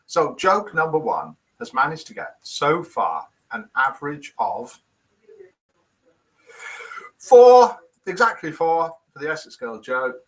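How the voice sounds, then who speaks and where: A fairly high, somewhat bright voice comes through a low-quality recording. It belongs to the host of a live daily show, a British man in his fifties who chats, pokes fun at himself, reads out viewer comments and jokes, and voices the quotes.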